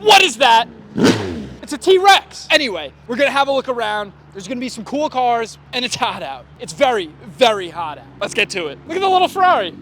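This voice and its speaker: A young man vlogging at a car meet, rattling off car models with playful, joking excitement. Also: extremely high pitch, moderate pace, a little hiss or hum. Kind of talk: excited car-spotting commentary. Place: outdoors at a car meet and inside a dealership.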